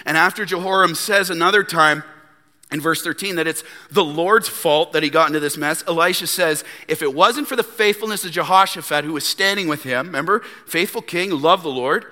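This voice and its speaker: Animated pastor in an echoing hall. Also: male voice, a little high, a little fast. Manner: animated, acts out Bible characters with sarcasm. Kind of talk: sermon. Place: church sanctuary. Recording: long church hall reverb.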